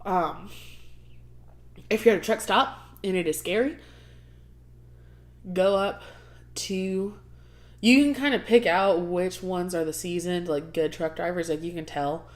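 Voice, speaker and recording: A woman's voice: fairly low pitch, unhurried, long pauses. A young woman hosting a casual livestream, chatting with viewers in a rambling way full of fillers. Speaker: livestream host.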